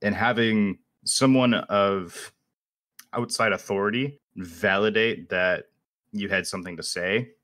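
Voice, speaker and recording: Low-voiced man hosting a thoughtful interview. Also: unhurried, fairly bright tone, no room sound, clean studio sound. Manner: thoughtful, affirming. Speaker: interviewer, host. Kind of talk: reflective conversational interview.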